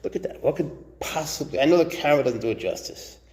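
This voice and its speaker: A man who keeps snakes, talking casually and fondly about them, slipping into doting baby talk and soft whispers. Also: a little high, animated, quick pace. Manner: drops to soft whispers at times. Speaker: snake keeper. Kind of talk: casual talk to camera while handling snakes. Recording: faint background noise.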